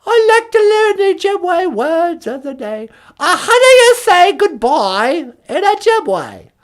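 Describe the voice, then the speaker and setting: A very old queen rings in from heaven, played by a man in a high, wavering falsetto. Her put-on posh English accent comes out loud and prim. The voice sits far above the performer's own range. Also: big pitch swings, takes it slowly, full character voice.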